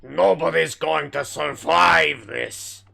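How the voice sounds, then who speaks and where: An actor playing a boisterous, menacing Scottish demolitions man in a video game, speaking with a Scottish accent and gravelly, swaggering boasts. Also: fairly high pitch, takes it slowly, bright, forceful tone, full character voice. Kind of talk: video game character dialogue.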